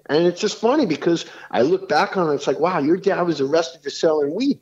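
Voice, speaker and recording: A man, talking as a podcast guest in rambling, animated stories full of restarts. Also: on the high side, a little fast, dull audio. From New York City. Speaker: rock singer, podcast guest. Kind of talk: casual podcast conversation.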